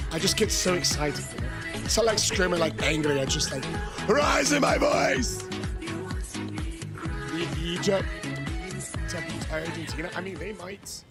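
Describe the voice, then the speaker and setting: A man livestreaming a game, reading chat and bursting into shouted greetings between casual muttering. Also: on the high side. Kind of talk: excited live-stream chat.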